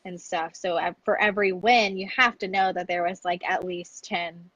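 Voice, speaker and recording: A woman's voice: lowish voice, steady tone, moderate pace, a bit bright, no room sound, poor audio. A woman in her thirties, a business coach for mothers, talking candidly in an interview and laughing often. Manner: candid, laughs often, acts out her own past lines. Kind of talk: casual interview conversation.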